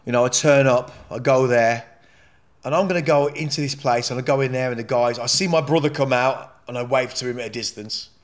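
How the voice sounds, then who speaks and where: Brisk and medium-pitched, this man is a podcast guest telling a personal story. He's candid, blunt and emotional, swearing often and wandering into rambling asides.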